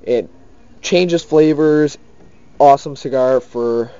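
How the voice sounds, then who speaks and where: A young man casually giving his rating in a cigar review, relaxed and leaning on words like definitely. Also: medium pitch, takes it slowly, smooth, no echo. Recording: dull lo-fi sound.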